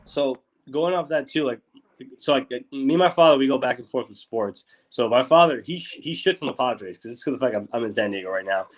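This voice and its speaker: A man's voice: medium pitch, animated, fairly quick, poor audio. A young man co-hosting a casual sports chat, rambling and loose, with many fillers and swearing. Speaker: co-host.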